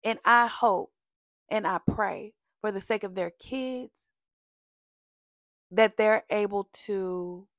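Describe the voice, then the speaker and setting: A woman giving a casual, sassy recap of a reality TV show, animated and full of slang, jumping between topics. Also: mid-range voice, takes it slowly, long pauses, no room sound, clean studio sound.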